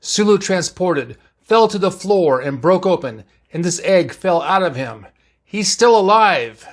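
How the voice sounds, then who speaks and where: A man voicing a gruff, worried Scottish male ship engineer in a read-aloud story. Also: sits high, animated, unhurried, pitched above the performer's own voice. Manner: anxious questions, raised voice.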